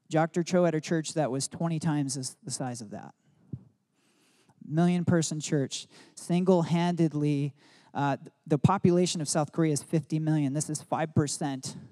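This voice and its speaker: Male pastor, slightly high warm voice, chatty storytelling sermon. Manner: storytelling, conversational with frequent "like". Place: church service.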